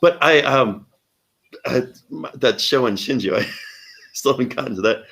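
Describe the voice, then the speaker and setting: A young man, a comedian and teacher, tells a story in casual conversation, laughing easily and slipping into voices for the people he quotes. His speaking pitch sits in an ordinary middle range. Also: lively intonation, normal speed, creaky, fairly bright tone.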